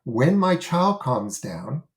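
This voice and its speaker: Earnest man explaining, mid-pitched voice. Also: sing-song, takes it slowly, gravelly. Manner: earnest, explanatory, emphatic on key words. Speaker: guest expert on child behaviour. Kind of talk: podcast interview, explaining.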